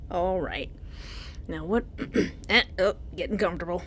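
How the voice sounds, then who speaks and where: A woman's voice: lowish voice, moderate pace, fairly bright tone, slight background noise. A woman streaming a game playthrough, chatting casually and reading the dialogue aloud. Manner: chatty, reads game dialogue aloud and coos to her cat.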